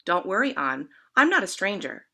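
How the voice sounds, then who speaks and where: A woman's voice: mid-range voice, big pitch swings, normal speed, pushed and bright, full character voice. A woman voicing a male hairy red creature who is a child's anger, talking in a confiding, persuasive way in a read-aloud storybook. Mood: coaxing.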